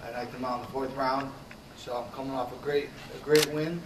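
A man from Connecticut, a boxer at a press conference, speaking earnestly and self-promotingly with many hesitant pauses. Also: medium pitch, fairly even intonation. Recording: echoey room, far mic, background noise, camera clicks.

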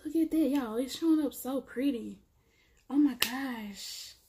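A woman with kids doing a casual, chatty product review, excitedly addressing viewers as y'all. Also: sits high, unhurried. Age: adult, has kids. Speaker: beauty vlogger.

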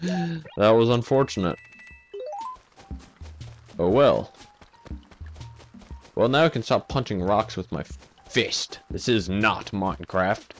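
A man's voice: on the low side, expressive, slow pace, pauses often, soft background music. A man giving casual, self-mocking commentary over a video game, laughing often at his own mishaps. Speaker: let's play commentator.

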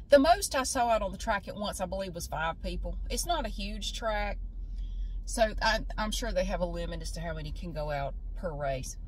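A woman's voice: fairly low pitch, slight background noise, rough recording. A woman, telling a funny story casually on a vlog and swearing freely. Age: 40s. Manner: animated, laughing, swearing freely. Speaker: vlogger. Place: outdoors at a beach.

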